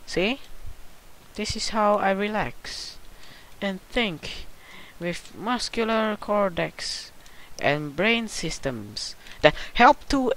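A gameplay commentator in casual, goofy play-by-play who squeals and yells at jumps and mutters between them. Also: mid-range voice, clear, resonant tone, rough recording.

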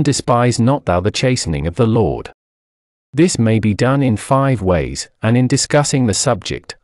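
A man reading an old sermon aloud in a solemn, measured preaching cadence. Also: mid-range voice, darkish tone, dry recording, studio quality. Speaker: sermon reader.

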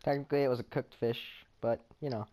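A man's voice: mid-range voice, fairly even intonation, fast talker, noisy background. A man bantering with friends during a game, laughing often and swearing in playful threats. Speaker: gamer playing with friends. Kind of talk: casual gameplay banter.

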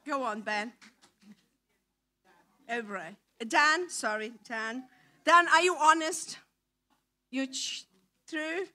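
A middle-aged Brazilian woman speaks with a high, bright voice. She takes her time, coaxing children playfully in a church talk. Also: takes it slowly, long pauses. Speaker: visiting mission speaker. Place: church hall.

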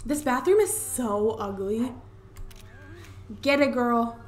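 A woman's voice: fairly high pitch, takes it slowly, faint music behind. Chatty young woman gaming commentary. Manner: chatty, excitable, swears casually. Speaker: let's play gamer. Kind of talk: casual gameplay commentary. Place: home room. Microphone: desktop USB microphone.

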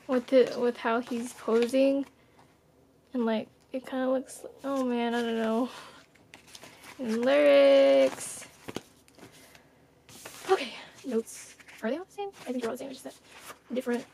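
A young woman with a high, bright-pitched voice films a casual unboxing vlog. She takes her time, gushing with little giggles and sudden gasps. A faint background noise sits under the recording. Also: gravelly. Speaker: vlogger unboxing an album. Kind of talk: excited casual unboxing chat.

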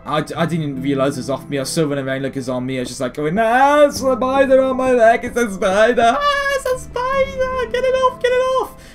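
A British man in his late teens, rambling and self-mocking through gameplay commentary. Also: medium pitch. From Britain. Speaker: gaming video host.

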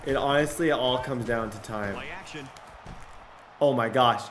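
A young man giving excitable commentary while playing a football video game, often bursting into loud shouts over big plays. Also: medium pitch, measured pace, a crowd in the background. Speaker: gaming YouTuber. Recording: echoey room with game music behind.

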